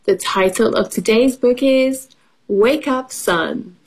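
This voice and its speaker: A woman's voice: medium pitch, takes it slowly, a little mellow, husky, poor audio. A woman reading a farm picture book to children as an English lesson, asking questions and making playful animal sounds. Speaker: storybook reader and English teacher.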